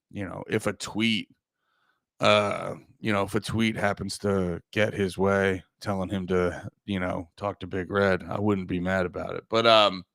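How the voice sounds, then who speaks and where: A man hosting a comedy podcast, rambling crudely and jokingly, sometimes mocking people in a high put-on voice. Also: fairly bright tone, clean tone, dry recording, studio quality. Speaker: podcast host. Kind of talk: casual comedic podcast rant.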